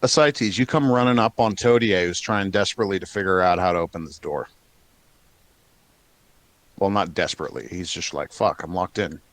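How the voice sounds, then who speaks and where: A man narrating a tabletop game as game master, relaxed and rambling with many fillers. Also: deep voice, a little fast, pauses often.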